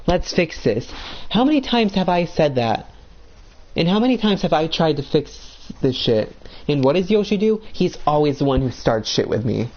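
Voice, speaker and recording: A man's voice: on the high side, very animated, moderate pace, dull audio. Heated young man ranting while gaming. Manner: blunt, heated, heavy swearing.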